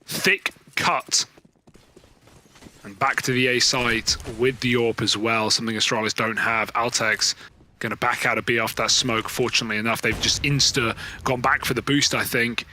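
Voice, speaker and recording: A man calling an esports match play by play, rattling off the action in a quick, running description with the odd playful aside. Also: medium pitch, fairly even intonation, pushed and bright, a little hiss or hum. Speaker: esports caster. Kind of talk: play-by-play commentary.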